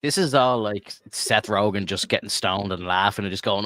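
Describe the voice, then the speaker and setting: A young man with a lowish voice chats loosely on a podcast. He swears often, rambles through long "like"-filled riffs and keeps breaking into laughter. The recording is dry and close, with no room sound. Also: moderate pace, hardly any pauses, fairly bright tone, no room sound. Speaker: podcast co-host. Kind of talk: casual chat.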